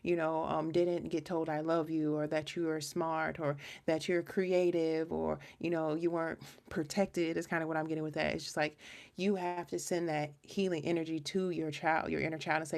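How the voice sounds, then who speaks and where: Low, gravelly woman tarot reader. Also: flat delivery, moderate pace, a little mellow. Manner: chatty and rambling, frequent restarts; earnest and emotional. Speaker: tarot reader hosting a live stream. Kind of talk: casual live-stream reading.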